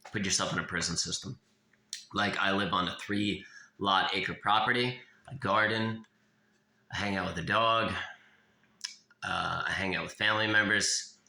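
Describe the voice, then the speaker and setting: Deep gravelly man in an echoey room. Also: bright, forceful tone. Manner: blunt, profane, halting with many restarts. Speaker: author of a self-help memoir. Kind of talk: confessional monologue.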